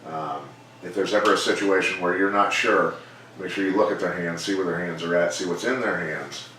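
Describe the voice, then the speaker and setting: A middle-aged man, a former fighter turned coach, telling stories in a measured, plainspoken way during an interview. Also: sits low, a little hiss or hum. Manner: measured, plainspoken, animated when quoting others. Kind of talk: casual storytelling interview. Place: gym. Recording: echoey room, mic far off.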